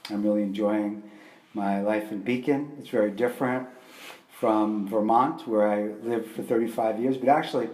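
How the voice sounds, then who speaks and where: An older man from Brooklyn with a light New York accent, answering interview questions in a relaxed, rambling way with plenty of fillers. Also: fairly low pitch, normal speed. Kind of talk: casual personal interview. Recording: roomy echoey recording.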